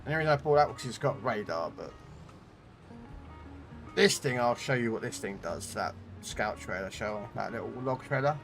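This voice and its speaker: A man's voice: medium pitch, animated, normal speed, vocal fry, over music. Chatty man streaming a game. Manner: chatty, swears at the game, talks to chat. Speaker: gaming streamer. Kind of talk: live game stream commentary. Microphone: desk condenser mic.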